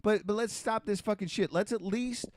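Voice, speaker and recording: Profane ranting man, slightly high voice. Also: moderate pace, no echo, clean studio sound. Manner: heavily profane, emphatic ranting; repetitive, restarts and rhetorical questions. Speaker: podcast host. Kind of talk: casual podcast rant.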